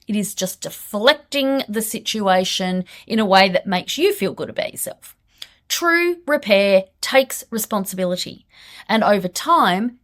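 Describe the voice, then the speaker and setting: A woman counsellor giving direct, blunt relationship advice in a podcast monologue. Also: mid-range voice. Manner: direct, blunt, lively delivery.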